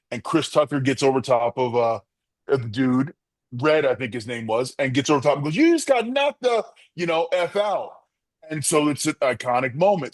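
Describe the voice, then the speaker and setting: A man's voice: medium pitch, no echo. A middle-aged man, a former wrestler, telling stories as an interview guest and acting out the quotes in them. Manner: animated storyteller, acts out quotes. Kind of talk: storytelling interview answers.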